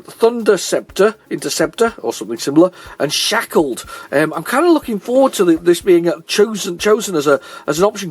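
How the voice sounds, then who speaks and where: A man hosting a retro gaming video, rambling chattily with many fillers and restarts as he shows old game tapes. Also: high voice. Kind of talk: casual chat while showing old game tapes.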